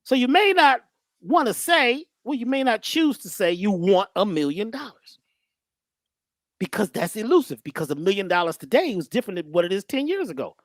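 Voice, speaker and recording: Lady preaching mindset stuff, pitch swoops all over, slangy, asks the listener questions, dry close mic. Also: sing-song, moderate pace, no room sound. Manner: rhetorical questions, repeats phrases, slangy. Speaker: guest teacher on mindset and healing. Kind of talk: preachy motivational talk.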